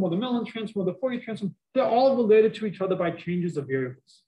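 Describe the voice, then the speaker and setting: A middle-aged man with a Boston accent giving a university math lecture, animated and joking with students, his voice muffled by a face mask. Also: high-pitched, fast talker, slight background noise. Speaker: math professor.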